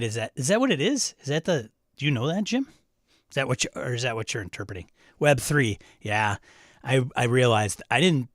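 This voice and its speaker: A man with a Wisconsin accent hosting a casual livestream and answering viewer chat aloud with quick, animated asides. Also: mid-range voice, dry recording, clean studio sound. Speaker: host.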